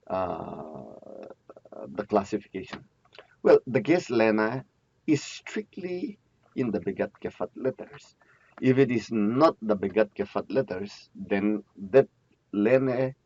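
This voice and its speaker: In a classroom lecture on grammar, a man with a lowish, darkish voice repeats key terms frequently and asks questions before answering them himself. A little hiss or hum sits under the dull, muffled lo-fi recording.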